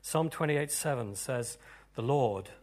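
Leading a congregation through sermon and prayer, a male pastor moves between near-whispers and loud, fervent declarations. His voice is medium in pitch and animated, and his pace is slow.

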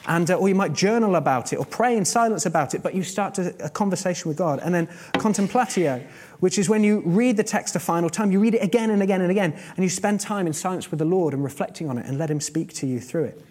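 A man's voice: high voice, fast, a little mellow. A man preaching a sermon in a conversational, earnest teaching manner, using everyday examples.

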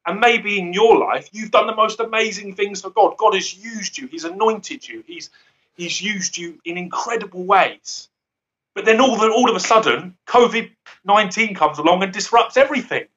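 A man's voice: high-pitched, normal speed, sharp tone, muffled recording. A man giving an earnest, rambling devotional talk who often laughs at himself. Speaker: guest speaker.

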